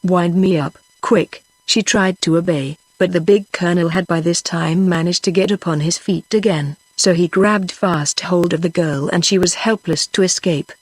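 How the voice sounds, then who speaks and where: A synthetic woman's voice with a British English accent, narrating an audiobook in an even, steady way. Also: on the low side, moderate pace, few pauses, no echo. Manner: even, evenly paced synthetic reading. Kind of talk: text-to-speech audiobook narration.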